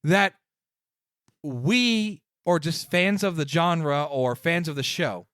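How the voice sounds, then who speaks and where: Man, podcast co-host, casual chat, excitable, slightly high, dry sound. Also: slow, clear, resonant tone, no echo. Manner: excited, joking, quotes lines from the show.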